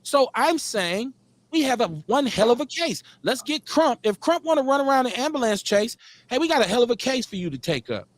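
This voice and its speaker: Fired-up, profane talk radio host, high-pitched. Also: male voice, very animated, a little fast. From Milwaukee, Wisconsin. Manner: fired up, profane, emphatic, rhetorical questions. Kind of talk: heated political talk radio rant.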